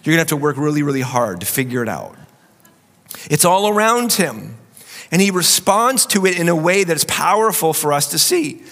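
A man's voice: a little high, sing-song, moderate pace, a bit bright. A man preaching a sermon as pastor while he has a cold, his voice cracking at times, emphatic with joking asides. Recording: long reverb of a large hall.

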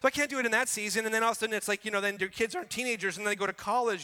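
A middle-aged male pastor delivers a sermon in a high, bright, ringing voice. He is animated and often slips into acting out excuses with rapid repeated words. His voice carries a long reverb from a large church hall.

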